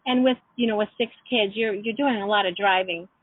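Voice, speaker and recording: A middle-aged woman leading an online class, telling personal stories in a gentle, reflective way. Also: medium pitch, fairly quick, no echo. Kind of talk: teleclass lesson with personal stories. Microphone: phone or computer call. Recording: tinny phone line.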